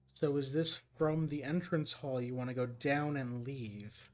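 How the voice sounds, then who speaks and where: A man's voice: mid-range voice, fairly even intonation, measured pace, hardly any pauses, darkish tone. A man streaming a puzzle game, thinking aloud and reading clues as he works them out.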